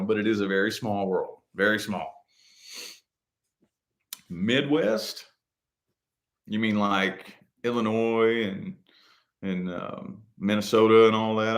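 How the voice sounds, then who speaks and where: A man in relaxed, rambling casual chat with viewers, full of "you know" fillers and the odd curse word. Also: on the low side, a little slow. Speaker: host answering viewer comments.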